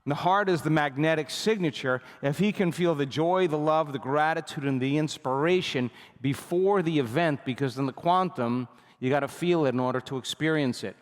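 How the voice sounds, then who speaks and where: A man giving a motivational seminar talk, telling stories with animated energy and often checking that the audience is with him. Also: a little high, moderate pace, big-room sound. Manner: animated storytelling, repeatedly asks the audience for agreement. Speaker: seminar speaker.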